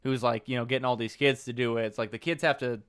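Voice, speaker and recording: A man's voice: medium pitch, fairly even intonation, quick pace, fairly bright tone, clear, resonant tone. A man co-hosting a podcast, explaining things and cracking dry jokes in casual chat. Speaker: podcast co-host.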